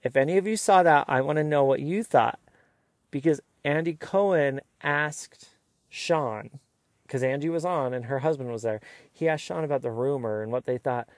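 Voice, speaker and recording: A man hosting a casual, opinionated recap of a reality show, sometimes mimicking the cast in quick asides. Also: fairly high pitch, dry recording. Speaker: recap host.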